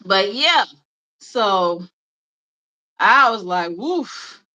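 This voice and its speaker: A woman's voice: mid-range voice, lively intonation, very slow, pushed and bright, lo-fi sound. A woman in her thirties with a Memphis accent, hosting a livestream in rambling, chatty talk full of fillers and laughs. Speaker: livestream host. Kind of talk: casual chat.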